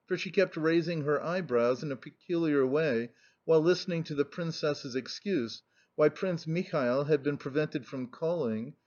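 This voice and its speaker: A man narrating a classic novel in a measured, even reading. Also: a little high. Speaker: audiobook narrator. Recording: muffled lo-fi recording.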